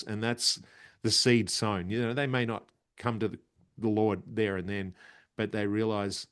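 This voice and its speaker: A man guest comedian in casual interview chat, animated and laughing often as he acts out quotes. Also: on the low side, a little slow, clear, resonant tone. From Australia.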